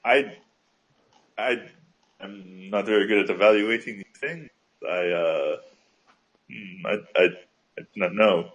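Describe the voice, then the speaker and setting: A man's voice: lowish voice, slow, pauses often, fairly bright tone, poor audio. A man playing a tabletop game, hesitant and stammering. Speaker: player. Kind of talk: casual tabletop play.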